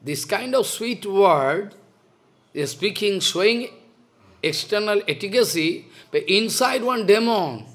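Slow and expressive, a high-pitched male voice with a fairly bright tone belongs to an older spiritual teacher. In his devotional lecture he scolds with passion and repeats rhetorical questions.

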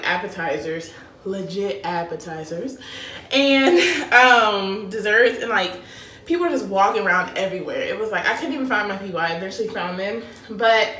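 A woman's voice: a little high, pushed and bright, slight background noise. A young woman from Ohio vlogging from a hotel room, gushing and tearful as she talks straight to her viewers. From Akron, Ohio. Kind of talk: emotional vlog chat.

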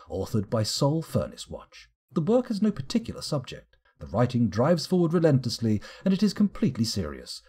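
British male streamer, dry, sarcastic, lively pitch, husky and mellow. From United Kingdom. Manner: dry, sardonic asides, drawn-out reading. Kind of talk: live game playthrough, reading in-game text.

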